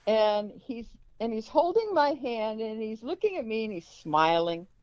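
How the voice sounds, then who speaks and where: A woman's voice: on the high side, unhurried, clear, resonant tone, no echo. An older woman, a guest in an interview, telling an anecdote and acting out the quoted dialogue. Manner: lively, acts out quoted dialogue. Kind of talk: anecdotal storytelling. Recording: dull, dry lo-fi recording.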